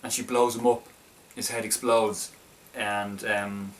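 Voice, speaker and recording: A man's voice: fairly low pitch, flat delivery, takes it slowly, distant mic. A man casually reviewing a film, talking in a hesitant, stop-start way with many restarts.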